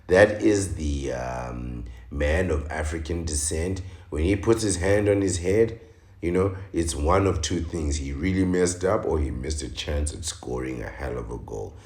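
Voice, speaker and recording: A man with an extremely deep, gravelly voice delivers slow, dramatic commentary, swinging his pitch widely between a low drawl and sudden loud outbursts. He mocks and moralizes as he reacts to a news story. The sound carries a noticeable room echo. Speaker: commentary channel host.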